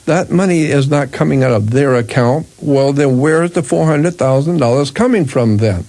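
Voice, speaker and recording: A man's voice: medium pitch, moderate pace, warm tone. An older man hosting a radio talk show, explaining his views emphatically, repeating himself and restarting sentences often. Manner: emphatic, repetitive, with frequent restarts.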